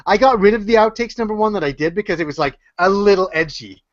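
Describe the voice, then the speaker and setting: A man's voice: high voice, expressive, fast, dry recording. A Canadian man talking on a casual podcast, joking and rambling with lots of fillers and restarts. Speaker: YouTuber and podcast guest. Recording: muffled, lo-fi podcast audio.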